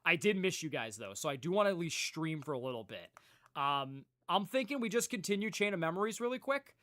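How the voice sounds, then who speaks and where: Lively young man rambling to his stream. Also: on the high side, fairly quick. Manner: animated, rambling, swears freely, laughs often. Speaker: livestreamer. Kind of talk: casual chat with live viewers.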